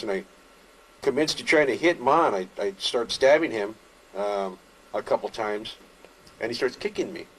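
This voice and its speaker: Man recounting his story with many fillers. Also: lowish voice. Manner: rambling, many fillers and restarts. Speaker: interviewee telling his own story. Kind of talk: casual spoken recounting.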